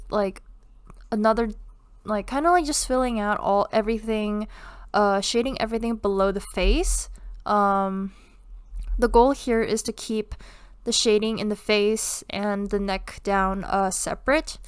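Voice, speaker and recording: A woman's voice: a little high, measured pace, clear, resonant tone, no room sound. Congested young woman rambling through a drawing tutorial. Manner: rambling with many fillers and self-laughs. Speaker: art youtuber. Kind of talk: casual drawing tutorial commentary.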